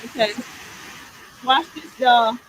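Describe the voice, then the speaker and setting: High-voiced woman chatting on a livestream. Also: takes it slowly, a little hiss or hum. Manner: rambling, conversational, with frequent restarts and profanity. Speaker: livestream host. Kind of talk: casual livestream monologue.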